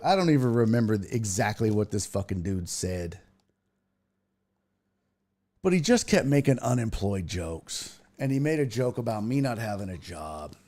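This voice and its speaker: A man hosting a podcast, telling a story in casual chat, swearing freely and building to loud rants. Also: lowish voice. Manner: profane, animated, rising to loud rants. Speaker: podcast host.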